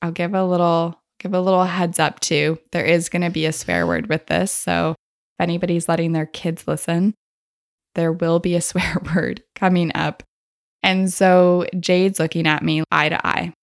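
Chatty woman podcast host with a lowish voice. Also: normal speed, creaky, dry recording, studio quality. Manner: chatty, laughs often while telling stories. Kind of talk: casual storytelling.

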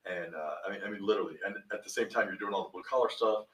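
A man's voice: lowish voice, racing, fairly bright tone, reverberant, distant mic, poor audio. A man hosting a casual podcast chat, earnest and full of praise, often restarting his sentences. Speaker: podcast host.

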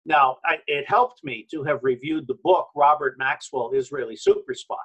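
A man with a husky, somewhat high voice talks in a forceful, emphatic way, jumping between claims. He comes through a video call whose audio glitches and turns robotic at times. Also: expressive, moderate pace, low-quality recording. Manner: emphatic, rambling, combative. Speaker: guest. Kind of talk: opinionated remote interview.

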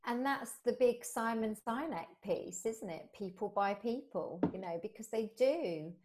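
A woman guest in a conversational interview, telling stories in an animated way and acting out the dialogue. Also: unhurried, crowd noise. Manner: animated, acts out quoted dialogue with rising pitch. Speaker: podcast guest. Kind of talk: conversational storytelling.

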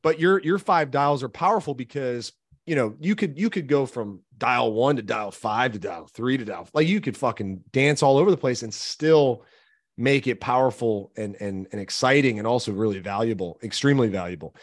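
Dude podcast host, swears a lot, acts out voices, dry close sound. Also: male voice, medium pitch, moderate pace, dry recording. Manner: animated, profane, acts out quoted voices. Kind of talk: casual chat.

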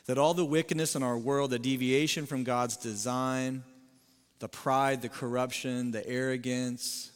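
A male pastor preaching a sermon, emphatic, swinging from loud rising appeals to low sober warnings. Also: clean tone, big-room sound.

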